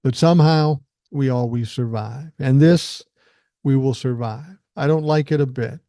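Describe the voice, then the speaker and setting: A man's voice: medium pitch, measured pace, warm tone, dry recording, clean studio sound. Blunt, profane older man, podcast host. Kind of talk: solo political podcast monologue.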